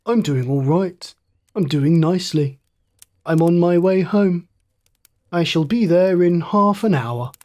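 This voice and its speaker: A man's voice: high voice, slow, warm tone, voice pushed up. A man voicing a wounded young fighter pilot thinking aloud, in a light, musing inner monologue. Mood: dazed cheer.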